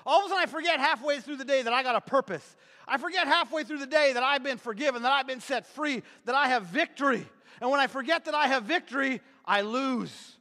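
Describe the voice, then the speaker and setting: A man preaching a sermon with an object lesson, emphatic and energetic, repeating phrases for effect. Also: very high-pitched, quick pace, big-room sound.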